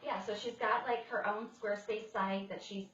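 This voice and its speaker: A woman in her thirties, a guest in a casual chat, telling stories in an animated way. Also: medium pitch, normal speed. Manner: animated storyteller. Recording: echoey room, distant dull mic.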